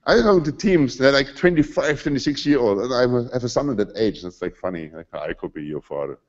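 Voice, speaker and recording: A man in his forties with a German accent addresses a conference audience in a conversational, emphatic way. His pitch sits in the middle range. The recording is a bit dull and lo-fi. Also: animated, a little fast. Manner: conversational, emphatic, slightly non-native phrasing. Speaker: conference speaker. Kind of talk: live conference talk. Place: conference hall.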